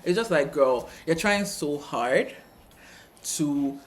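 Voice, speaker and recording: A man's voice: on the high side, animated. Chatty man recapping a reality show. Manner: chatty, retells scenes with quick asides and laughs. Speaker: co-host of a TV review channel. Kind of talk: casual reaction chat.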